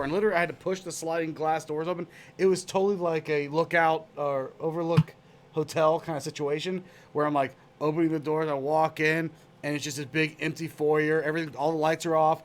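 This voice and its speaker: A man's voice: on the high side, fairly even intonation, brisk. A young man co-hosting a podcast, telling a wild anecdote in casual, profane chat and putting on voices for the people in it. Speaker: podcast co-host.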